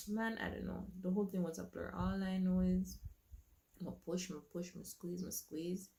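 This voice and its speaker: A woman telling her own story to camera in a casual, animated way, acting out what others said to her. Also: fairly low pitch, moderate pace, vocal fry, noisy background.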